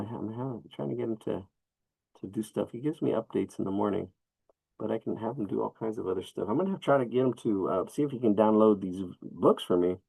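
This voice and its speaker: A man with a low, gravelly voice leads a drawing class, talking his students through each mark as he shades. His delivery is relaxed and chatty, with coaching asides. The sound is close and dry. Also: no room sound, poor audio. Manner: relaxed, talks while sketching, coaching asides. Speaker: drawing teacher. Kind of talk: live drawing lesson.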